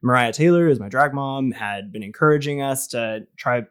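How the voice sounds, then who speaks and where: A man's voice: medium pitch, normal speed, a bit bright, clear, resonant tone. A young man, a guest chatting casually on a podcast. He tells stories with restarts and self-deprecating asides. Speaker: guest, new drag queen.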